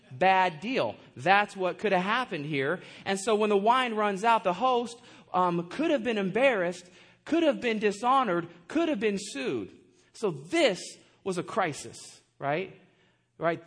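A high-pitched man preaching in a lively, talky way, often turning to the congregation with quick asides and rhetorical questions. He has a light, raised voice for a man. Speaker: pastor. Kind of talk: sermon.

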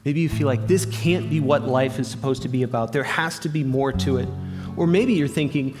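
A man's voice: mid-range voice, normal speed, music in the background. A man preaching a sermon in an earnest storytelling voice, acting out both sides of a remembered conversation. His voice sits in the middle of the male range. A long reverb trails each phrase, as in a church hall. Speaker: pastor.

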